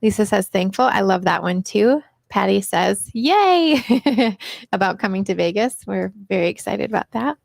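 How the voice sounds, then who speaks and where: Middle-aged woman host, chatty live-stream Q&A, dry close mic, mid pitch. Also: normal speed, gravelly, dry recording. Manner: chatty and upbeat, greets viewers by name. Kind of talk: casual live Q&A chat. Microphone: personal microphone.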